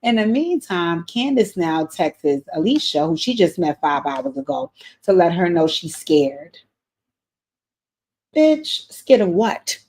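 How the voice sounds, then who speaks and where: A woman's voice: fairly low pitch, measured pace, creaky. Blunt, chatty woman recapping a show. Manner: animated, blunt, profane commentary; chatty, talks straight to viewers. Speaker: TV recap host. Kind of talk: casual episode recap.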